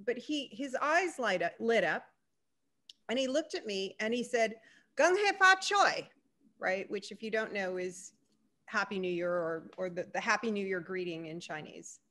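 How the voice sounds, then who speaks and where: A woman speaking as a panelist over a video call, telling a personal story in an animated way and acting out the dialogue, with some ums. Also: mid-range voice, normal speed.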